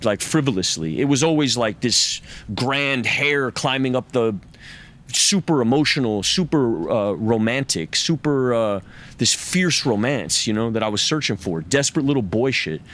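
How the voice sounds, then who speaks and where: A man's voice: medium pitch, normal speed. A man in his thirties, a guest in an interview, telling a raw personal story with cursing and acted-out quotes. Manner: raw, profane, animated retelling with acted quotes.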